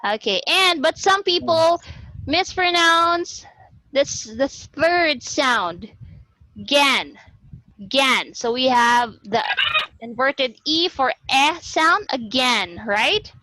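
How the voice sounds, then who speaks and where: A woman's voice: sits high, animated, slow pace, sharp tone, dry recording, rough recording. A woman with a Filipino accent teaching an online class over a video call. She mixes English and Cebuano and drills words by repeating them.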